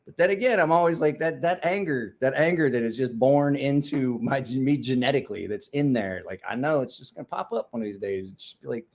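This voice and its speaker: A man's voice: mid-range voice, brisk, hardly any pauses. A man hosting a casual livestream, telling rambling, profane stories, laughing often and answering viewers' comments. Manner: talks back to viewers' comments. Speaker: livestream host. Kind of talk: casual live-stream chat.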